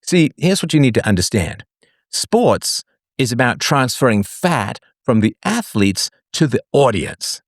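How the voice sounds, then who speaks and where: A man's voice: mid-range voice, sing-song, a little slow, no echo. Guy ranting on his live show, voice swings way up and down, mocking and jokey, dry close sound. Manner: sarcastic and mocking; jokey asides between figures read out. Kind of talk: solo livestream monologue.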